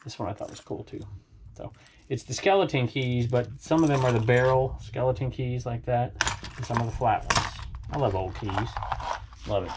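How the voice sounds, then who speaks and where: Rambling chatty guy from socal showing his resale finds, bit of noise behind. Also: medium pitch. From Southern California. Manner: rambling, chatty, talks to viewers. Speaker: reseller vlogger. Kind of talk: casual chat.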